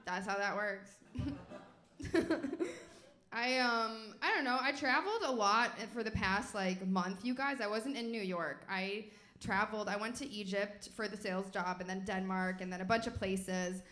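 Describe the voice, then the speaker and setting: A young woman from Chicago performing a stand-up comedy set on stage, telling animated stories and acting out the people in them. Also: mid-range voice, moderate pace, roomy sound. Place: stage before a live audience.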